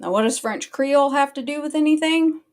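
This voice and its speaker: A woman's voice: high voice, fairly quick. Annoyed woman ranting casually. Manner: annoyed, blunt, swears freely. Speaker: online commentary host.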